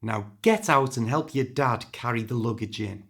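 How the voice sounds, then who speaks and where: A man reading a brisk, no-nonsense British mum. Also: mid-range voice, a bit bright. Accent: British English. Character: exasperated mother on family holiday.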